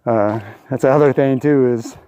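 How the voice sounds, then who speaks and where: A man's voice: medium pitch, normal speed, mellow, smooth. Older man rambling on a mountain trail. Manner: rambling storytelling with many uh fillers. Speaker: thru-hiker vlogger. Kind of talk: casual trail vlog.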